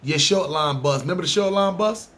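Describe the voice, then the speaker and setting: Animated New York City man, cursing freely. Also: on the high side, brisk. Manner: animated, profane street talk. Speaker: podcast host. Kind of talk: casual monologue ranking places.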